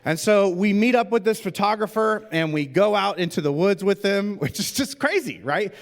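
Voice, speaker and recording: Joking middle-aged pastor in a reverberant hall. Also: male voice, high-pitched, lively intonation, normal speed. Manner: chatty, self-deprecating, many fillers. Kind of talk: humorous sermon storytelling. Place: church auditorium. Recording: long church hall reverb.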